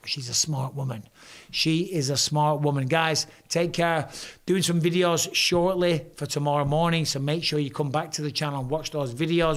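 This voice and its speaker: Hoarse man on a live stream. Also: fairly high pitch. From England. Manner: cheeky, swearing, banter with the chat. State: hoarse, voice strained. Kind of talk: casual live stream chat reading viewer comments.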